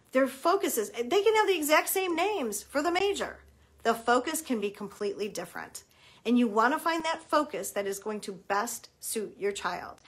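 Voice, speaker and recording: A woman's voice: on the high side, a bit bright, slightly rough. Emphatic middle-aged woman giving advice. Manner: emphatic, acts out quoted dialogue. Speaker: college admissions consultant. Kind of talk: advice talk to parents.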